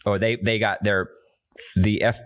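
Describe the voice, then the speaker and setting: A man telling a story as a podcast guest, profane and animated, acting out the people he quotes. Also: on the low side, a little slow.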